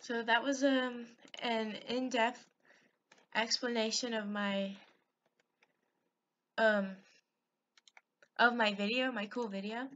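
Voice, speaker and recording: A woman's voice: on the high side, level tone, slow, long pauses, a bit bright, dull audio, a little hiss or hum. A woman hosting her own podcast, giggly and rambling, recapping a video with lots of fillers and swearing. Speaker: podcast host. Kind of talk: rambling solo podcast chat. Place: at home, on a call with a friend.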